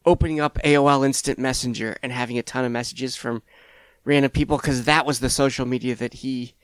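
A man's voice: mid-range voice, fairly even intonation, brisk, clean tone, no echo. A man in his thirties, a stand-up comedian appearing as a podcast guest, telling stories in an easygoing, thoughtful way. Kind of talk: casual conversation.

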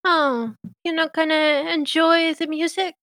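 A woman's voice: extremely high pitch, fairly even intonation, a little slow, fairly bright tone, pitched above the performer's own voice. A woman voicing a bubbly, chatty female diner owner who gossips freely.

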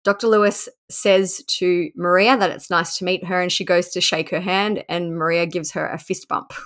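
Lower-voiced woman narrating true crime. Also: fairly even intonation, normal speed, a bit bright. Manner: conversational, reading quotes aloud with asides. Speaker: podcast host.

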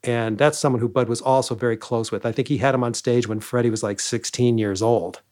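A man who once managed a comedy club, telling animated backstage stories and acting out what people said. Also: mid-range voice, brisk. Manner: animated anecdotes, acting out quoted lines. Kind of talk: storytelling interview guest.

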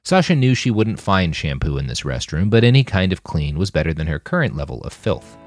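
A man narrating an audiobook chapter in a scripted, expressive reading on a close mic. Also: low-pitched, a little fast, soft background music. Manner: expressive, wide-ranging reading.

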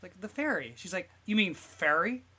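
A man's voice: sits high, moderate pace, slightly rough. A man co-hosting a podcast, telling an anecdote in casual chat and mimicking his wife's lines. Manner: animated storyteller mimicking his wife.

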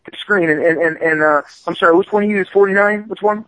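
A man, a comic book artist, chatting casually on a podcast, rambling and animated with plenty of profanity. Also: sits high, fast, low-quality recording.

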